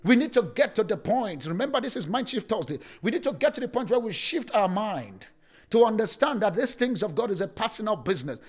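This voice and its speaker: Male pastor preaching, high husky voice, swings up and down a lot. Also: very animated, fairly quick. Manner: preaching with sudden swings in loudness and pitch. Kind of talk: sermon.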